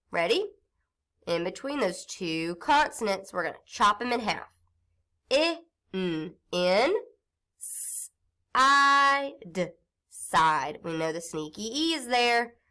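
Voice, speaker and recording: A woman teaching young children to read, sounding out syllables slowly and encouragingly. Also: medium pitch, fairly bright tone. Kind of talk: early reading lesson for children.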